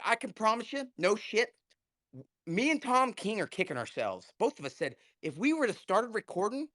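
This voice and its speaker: A man's voice: sits high, a bit bright, dry recording. A man telling a heated, profanity-laced story in casual live audio chat over an online call. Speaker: guest speaker.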